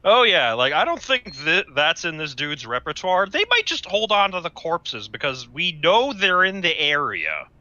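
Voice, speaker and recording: A man playing a tabletop game, chatting with his party in a joking, lively way. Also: fairly high pitch, moderate pace, hardly any pauses, no room sound, muffled recording. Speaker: player. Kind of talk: casual tabletop game chat.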